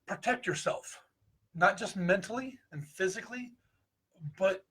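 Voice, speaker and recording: Husky high-voiced Midwestern man. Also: a little slow, fairly bright tone. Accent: American Midwestern. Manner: joking, folksy advice-giving. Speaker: paranormal investigator co-host. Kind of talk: casual group chat on a show.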